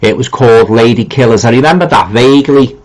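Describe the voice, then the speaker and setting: A man's voice: mid-range voice, fairly quick, a little mellow, rough recording. A middle-aged man with a Liverpool accent hosting a live stream, chatting casually and reading out viewer comments, rambling with lots of ums and restarts. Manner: easygoing and informal, with colloquial phrasing.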